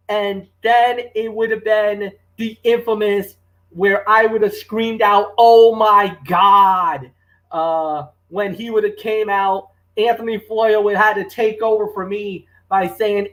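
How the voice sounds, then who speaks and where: A man co-hosting a wrestling review show, talking casually with loud exclamations and many fillers. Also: high-pitched. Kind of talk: excited casual podcast chat.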